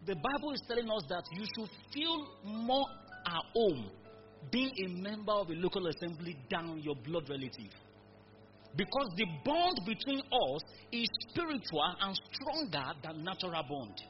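A man's voice: high-pitched, sing-song, moderate pace. A man preaching a sermon in church, calling on the congregation to repeat his words. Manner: emphatic call-and-response preaching. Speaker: pastor. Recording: dull recording with music behind. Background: music.

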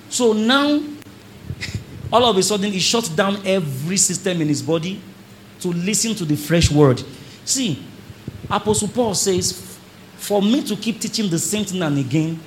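A pastor with a high-pitched voice preaches an animated sermon at a church service, acting out churchgoers and calling on the congregation to respond. The recording has a slight hiss or hum.

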